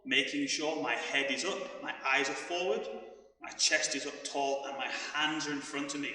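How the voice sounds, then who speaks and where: A man's voice: on the high side, slight background noise. Man, judo coach, calling out moves, breathless, distant mic, hall reverb. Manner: shouts commands while moving. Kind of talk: online children's class instruction. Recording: echoey hall, mic far off.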